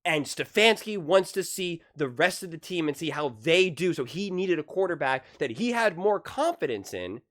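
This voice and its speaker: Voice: medium pitch, fairly bright tone. Heated, emphatic sports commentator. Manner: emphatic, heated, repeats key phrases. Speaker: sports commentary channel host.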